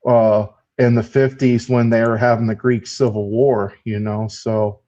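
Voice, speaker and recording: A man's voice: mid-range voice, level tone, unhurried, dark tone. An American man in a loose, profane chat who rambles and laughs as he goes. His voice sits in an ordinary middle range. The recording sounds dull and lo-fi. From United States. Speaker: podcast host. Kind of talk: casual chat.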